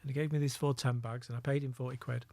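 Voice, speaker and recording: A middle-aged man tells his story in a lively, anecdotal way, often laughing at himself. His voice sits at an ordinary pitch. The sound is dry and close, with no room echo. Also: quick pace, vocal fry. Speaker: guest, former undercover police officer. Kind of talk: storytelling in a podcast interview.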